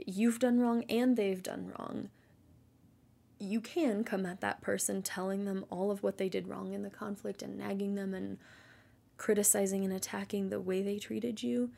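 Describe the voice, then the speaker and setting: A Christian mother giving an earnest, gentle devotional talk in a casual way, often dropping to a soft near-whisper. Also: medium pitch, gravelly.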